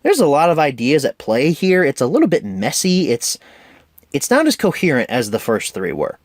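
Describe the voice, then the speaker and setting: A man's voice: a little high, huge pitch swings, normal speed, dry recording. A man giving an enthusiastic, opinionated casual film review as host of his own show.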